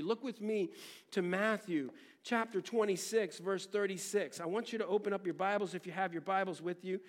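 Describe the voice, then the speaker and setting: A man's voice: sits high, steady tone, moderate pace. A man preaching a sermon as a pastor, earnest and conversational, weaving in personal stories.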